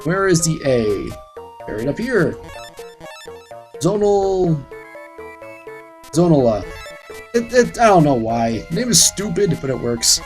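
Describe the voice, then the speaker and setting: A man's voice: fairly high pitch, sing-song, takes it slowly, pauses often, darkish tone. Ranting sarcastic man with light music. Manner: sarcastic, ranting, swears freely. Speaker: gaming channel host. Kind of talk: casual let's-play commentary.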